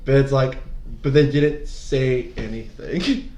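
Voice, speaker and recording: A man co-hosting a casual podcast chat, bantering with quick jokes and profanity. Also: on the high side. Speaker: podcast co-host. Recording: echoey room with faint noise.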